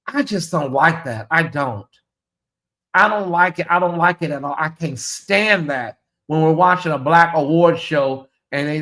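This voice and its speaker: Sassy high-voiced man. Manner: sassy and animated, mimics voices. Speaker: host. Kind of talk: casual livestream commentary.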